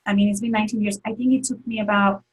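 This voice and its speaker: A woman's voice: medium pitch, fairly even intonation, racing, husky, poor audio. A woman telling an emotional personal story as an interview guest, earnest, with many fillers and restarts.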